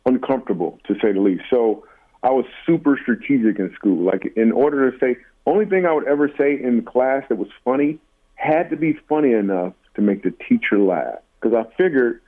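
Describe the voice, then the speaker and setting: A comedian from Michigan telling stories in a casual interview, animated and self-deprecating. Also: male voice, mid-range voice, fairly quick. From Michigan, USA. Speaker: comedian guest. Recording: tinny phone-like line.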